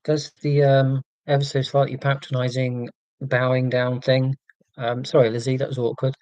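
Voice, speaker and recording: Male livestream host, chatty and rambling, full of ums, mid-pitched, dry close sound. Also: flat delivery, normal speed, a little mellow, dry recording, lo-fi sound. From Scotland. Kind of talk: casual livestream chat with viewers.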